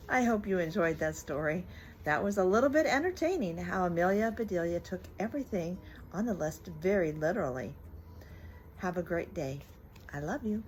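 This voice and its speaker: Grandmother storyteller, older woman, lively pitch, bedtime reading. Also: moderate pace, a little hiss or hum, low-quality recording.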